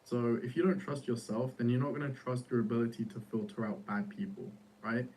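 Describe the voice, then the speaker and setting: A man's voice: mid-range voice, fairly even intonation, brisk, a little mellow, distant mic, rough recording. A young man, founder of an AI startup, talking casually and slangily in an interview, full of "bro" and "like".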